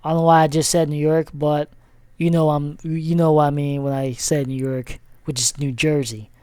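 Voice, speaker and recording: A man's voice: fairly high pitch, level tone, normal speed, mellow, clean tone, dry recording. A man giving a casual, rambling sports recap as he clicks through a screen, with many fillers and self-corrections. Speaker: sports vlogger.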